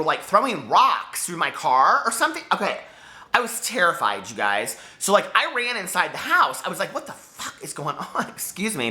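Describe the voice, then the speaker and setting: A man chatting casually to his viewers in a book vlog, telling stories in an animated way from home. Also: fairly high pitch. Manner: animated storyteller, talks straight to viewers. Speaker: book vlogger.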